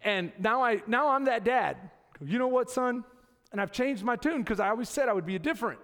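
Here a middle-aged pastor with a very high voice preaches fast, telling lively stories and calling out to the people in the pews. The setting is a church sanctuary with its congregation, and the sound has the long reverberation typical of a large hall.

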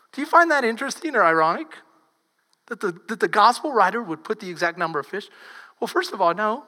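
A woman pastor with a Texan accent, preaching a sermon as lively storytelling that swings from loud to hushed. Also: medium pitch, big-room sound.

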